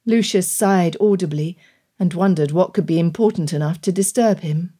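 Female audiobook narrator, low and mellow, measured reading. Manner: measured, even storytelling. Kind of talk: scripted narration.

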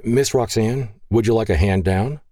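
A man voicing a rugged cowboy and fatherly rancher who speaks gently and warmly. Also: lowish voice, moderate pace, dry recording, studio quality, voice pushed up, natural voice. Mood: gentle.

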